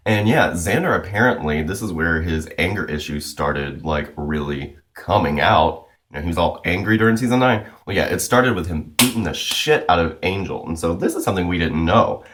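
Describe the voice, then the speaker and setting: Male comic reviewer, deep voice, relaxed rambling recap delivery. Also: normal speed, hardly any pauses. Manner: loose and chatty, full of "like" and "you know". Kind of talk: casual recap chat.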